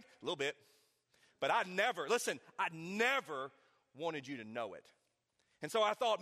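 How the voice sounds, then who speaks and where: A man preaching a sermon as pastor, telling a personal story and dropping to a quiet hush to drive points home. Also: fairly high pitch, sing-song, moderate pace, vocal fry, pauses often, in a large hall. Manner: storytelling, drops to a quiet intimate hush for emphasis.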